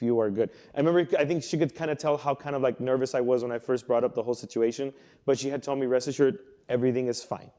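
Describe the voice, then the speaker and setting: A man's voice: medium pitch, dark tone. A young man preaching to a youth group, telling a personal story in a conversational, earnest way, acting out the quoted lines. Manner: conversational, earnest, with many restarts and quoted inner thoughts. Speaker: youth pastor.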